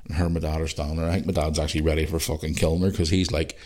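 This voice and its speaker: A man's voice: low voice, very fast, few pauses, darkish tone. A man with a Northern Irish accent hosting a podcast, telling a rambling story casually, with swearing and laughs. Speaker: podcast host.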